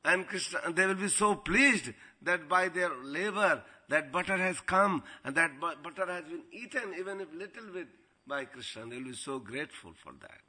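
A man tells devotional stories as a spiritual teacher, animated and quick to laugh. His voice sits slightly high, with a very sharp, bright edge. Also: husky. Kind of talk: devotional storytelling talk.

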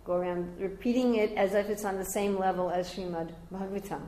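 Older woman, devotional class teacher, animated storyteller, mid-pitched, recorded in a roomy space. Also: fairly quick. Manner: animated storyteller, jumping high when quoting others. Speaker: teacher giving a scripture class. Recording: roomy echoey room.

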